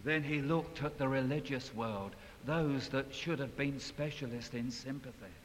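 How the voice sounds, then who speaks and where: A man preaching a sermon in a large hall, dramatic, swinging from loud passages to hushed ones. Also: medium pitch, a little slow. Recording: long hall reverb, faint hiss.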